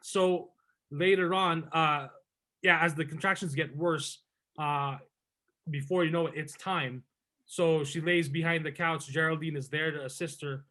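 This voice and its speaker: A man with a bright, forceful voice hosts a casual review podcast. He sits a little high in his range and walks through scenes loosely, leaning on "um" and "before you know it.". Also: steady tone, measured pace. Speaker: podcast host. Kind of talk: casual movie review chat.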